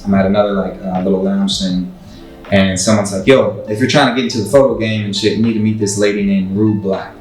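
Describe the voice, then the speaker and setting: A man's voice: lowish voice, steady tone, fast. A man telling stories as an interview guest in a laid-back, slangy way, swearing casually. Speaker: photographer and musician guest. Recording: echoey room, far from mic, faint music.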